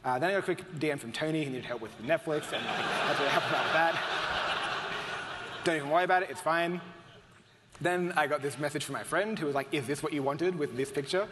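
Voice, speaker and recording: A man's voice: on the high side, fast talker, few pauses. A man telling stories to a conference crowd in a self-mocking, rambling way, full of fillers. His voice rings out with the long reverb of a big hall, and a faint hiss sits underneath. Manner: self-deprecating, rambling with many "like"s and chuckles. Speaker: conference speaker. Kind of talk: comedic conference talk. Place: stage in a large hall.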